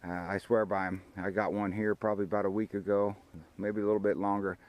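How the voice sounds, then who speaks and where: A man's voice: on the low side, little pitch movement, fast, rough recording. An older man, hosting a hunting show outdoors by a field and rambling folksily about the hunt and his sponsors. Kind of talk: casual outdoor commentary.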